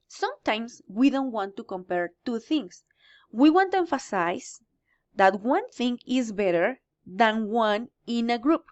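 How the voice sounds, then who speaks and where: A woman's voice: fairly high pitch, dull audio. A woman teaching English grammar in a recorded lesson, explaining step by step and answering her own questions.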